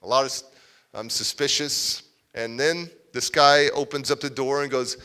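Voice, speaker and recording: Bright-voiced male motivational speaker. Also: a little high, moderate pace. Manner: animated, acts out scenes. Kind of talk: storytelling keynote talk. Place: large civic center hall, live audience.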